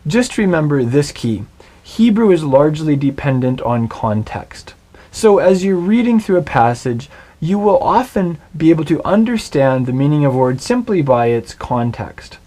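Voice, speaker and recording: A middle-aged man teaching a recorded Hebrew lesson, patient and clear, slowing down to spell out Hebrew words. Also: a little high, sing-song, mellow.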